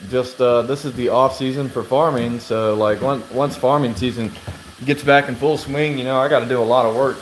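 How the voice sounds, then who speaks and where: A man's voice: mid-range voice, fairly even intonation, normal speed, a little hiss or hum. A man who farms, answering viewer questions in casual livestream chat, blunt and crude in an offhand way. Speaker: farmer streaming to chat.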